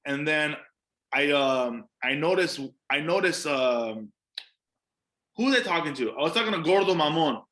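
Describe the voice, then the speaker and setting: A man's voice: a little high, lively intonation, normal speed, bright, forceful tone. A man, a stand-up comedian, chatting casually on a podcast, emphatic and profane, repeating words for stress.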